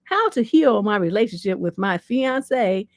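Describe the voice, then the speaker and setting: A woman's voice: mid-range voice, lively intonation, measured pace, no echo, studio quality. A middle-aged woman hosting a livestream as a relationship coach, reading listener questions aloud and answering in a blunt, profane, mocking way. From Northern California. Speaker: relationship coach and show host.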